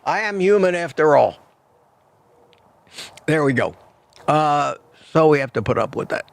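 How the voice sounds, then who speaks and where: Male livestream host, casual and chatty, gravelly timbre, dry close sound. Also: on the high side, lively intonation, measured pace, no echo. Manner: greets viewers by name, repeats phrases. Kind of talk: casual morning livestream chat. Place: outdoors in cold weather.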